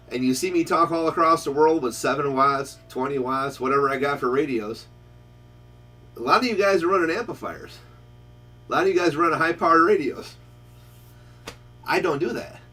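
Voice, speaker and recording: Husky-voiced man talking radio gear from afar. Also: on the high side, moderate pace, long pauses, fairly bright tone. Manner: rambling, storytelling with quoted dialogue. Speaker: radio shop host. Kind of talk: casual chat about ham radio. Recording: voice picked up from a distance.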